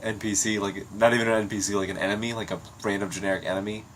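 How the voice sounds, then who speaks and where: Low-voiced man in casual chat. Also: fairly even intonation, very fast, fairly bright tone, a little hiss or hum. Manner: rambling, heavy use of "like", swears freely. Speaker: podcast co-host.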